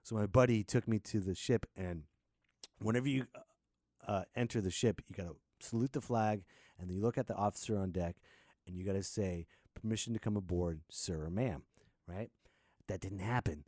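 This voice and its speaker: A man's voice: lowish voice, darkish tone, no echo, studio quality. A man in his thirties hosting a podcast, telling a rambling, profane story and laughing often. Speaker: podcast host. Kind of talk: casual storytelling monologue.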